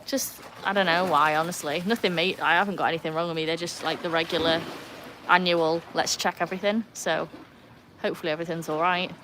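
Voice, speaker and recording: Speaking a little fast with slight background noise, this woman from Britain runs a casual poolside livestream with her dogs around. She rambles chattily, pokes fun at herself, reads viewer comments aloud, and addresses the dogs in a high, excited voice.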